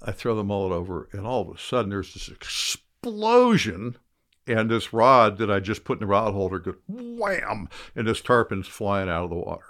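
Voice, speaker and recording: An older man tells a fishing story in a low voice. His pitch swings widely, and he bursts into loud quoted shouts. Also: huge pitch swings, normal speed. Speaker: interview guest, former fishing guide. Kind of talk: storytelling in casual conversation.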